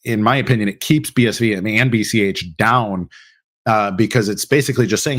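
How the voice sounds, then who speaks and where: A man's voice: lowish voice, a bit bright. Rambling man hosting a live Q&A. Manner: rapid, rambling, full of fillers and restarts. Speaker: host. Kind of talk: live ask-me-anything stream.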